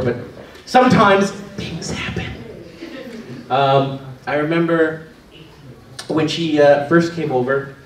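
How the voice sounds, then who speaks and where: Animated man telling stand-up stories. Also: medium pitch. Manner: animated, laughing at own jokes. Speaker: stand-up comedian. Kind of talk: stand-up storytelling. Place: small comedy stage with live audience. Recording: echoey stage from a distance with crowd.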